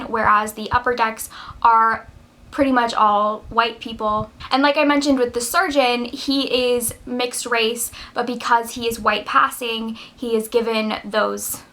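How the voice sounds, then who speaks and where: A young woman with a bright, lively voice pitched a little high, talking through her thoughts on a book. She speaks in a casual, chatty vlog style and often slips in "like" as she goes. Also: unhurried. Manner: chatty, with frequent "like" fillers. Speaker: book vlogger.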